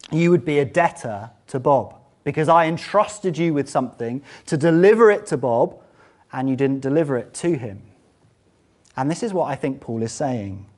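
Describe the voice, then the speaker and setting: Earnest man preaching a sermon. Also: a little mellow. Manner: earnest, uses rhetorical questions; rises and falls in pitch for emphasis.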